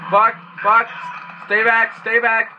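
A man commenting on his own gameplay, panicking and cursing loudly at the game, then muttering to himself while sneaking. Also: very high-pitched, completely flat delivery, takes it slowly, highs cut off, a little hiss or hum. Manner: yells and swears in panic at the game. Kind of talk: let's play commentary.

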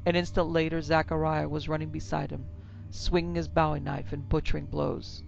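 A woman tells a horror tale in a steady, measured, gravelly voice that stays within a narrow range. The audio is a bit muffled, with faint music playing under the narration. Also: low-pitched. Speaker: narrator and producer. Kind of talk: scripted horror story narration. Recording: slightly dull lo-fi with music.

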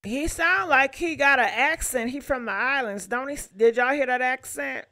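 A woman's voice: high-pitched, normal speed, very noisy. A woman host giving blunt, sassy reaction commentary in casual slang.

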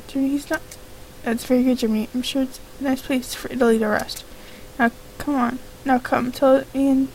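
High-pitched woman gamer, reads all game dialogue herself, quick asides, faint hiss behind. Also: darkish tone, rough recording. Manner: reads each character's lines in her own voice, reacts with exclamations. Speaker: let's play gamer. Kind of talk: reading game dialogue aloud with commentary.

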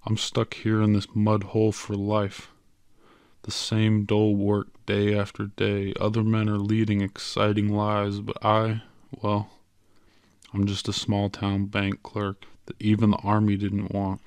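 A man's voice: fairly low pitch, completely flat delivery, unhurried, darkish tone, clean tone, dry recording, studio quality. A man reading an audiobook, voicing a weary, bitter young bank clerk who scoffs at everything.

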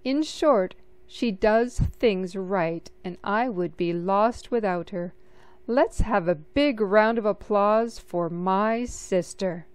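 A jolly old Santa from a storybook, as a woman reader puts him on. He speaks slowly and heartily, full of pride. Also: no echo, close to an everyday voice. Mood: proud. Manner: hearty, booming laugh.

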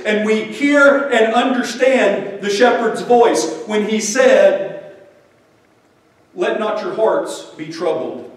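A man preaching a sermon in an earnest, measured way and reading scripture aloud. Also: extremely high pitch. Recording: echoey hall, far from the mic.

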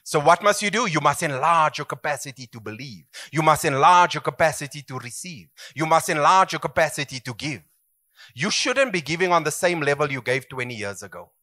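A man's voice: a little high, lively intonation, brisk, sharp tone. A middle-aged man preaching a sermon as pastor, emphatic and swooping, calling for amens.

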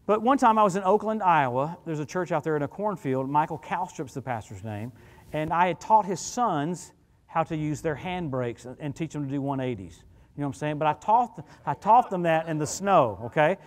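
A man preaching as a guest at a church service, telling stories in an animated, chatty way with quick asides to the congregation. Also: a little high. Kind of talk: storytelling sermon.

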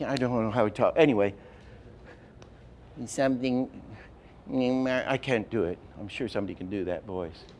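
An older man teaching animation, telling stories in a lively way and acting out example lines, with many restarts. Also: on the low side, moderate pace, a little hiss or hum. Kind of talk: lecture with acted-out examples.

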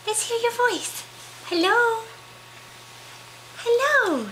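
A woman speaks slowly in playful baby talk, her very high voice bright and ringing. Her pitch swoops widely as she coaxes with sing-song questions. She is recorded indoors on a handheld home camera. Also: sing-song, a little hiss or hum, low-quality recording. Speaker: mother filming her baby. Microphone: handheld home camera she is filming with.

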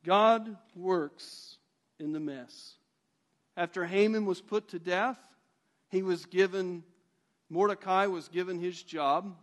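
A man's voice: sits high, slow, a bit bright. A male pastor retelling a Bible story in a sermon, animatedly acting out the characters' voices.

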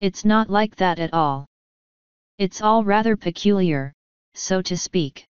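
A woman reading the part of a shy young working man, with a husky voice and a hesitant, embarrassed manner. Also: mid-range voice, unhurried, no room sound, muffled recording, natural voice. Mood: halting.

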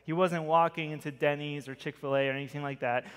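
A male pastor with a slightly high voice delivers a sermon in a conversational way, leaning into key words with lively emphasis. His voice trails off into the long reverb of a church sanctuary. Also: quick pace, smooth.

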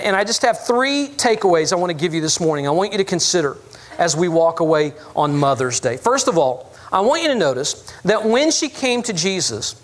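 A man's voice: sits high, fairly bright tone. A man preaching a sermon as pastor, telling stories with humor and asking the congregation for agreement. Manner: storytelling with audience asides; self-deprecating humor.

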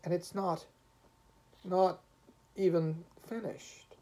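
Man doing a fretful flustered painter, high quavering protests, husky voice, pitch leaping all over. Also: huge pitch swings, moderate pace, warm tone, exaggerated voice. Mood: distressed. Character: frail fretful male painter, flustered and pleading.

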